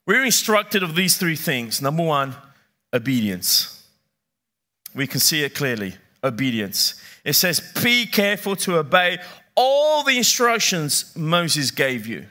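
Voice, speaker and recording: A middle-aged male pastor delivers an emphatic sermon in church. His voice sits high and rings bright and forceful. He hammers key phrases again and again and keeps asking the congregation questions.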